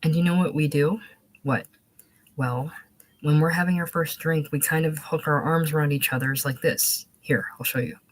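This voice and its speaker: A woman's voice: low-pitched, steady tone, normal speed. A woman reading as a breezy young woman. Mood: chatty. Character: pretty young woman, breezy and self-assured.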